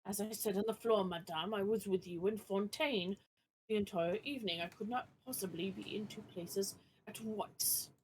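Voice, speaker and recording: A woman's voice: medium pitch, normal speed, slight background noise, close to an everyday voice. A woman voicing a haughty, indignant male priest with a put-on French accent, while reading a game aloud. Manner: indignant and protesting.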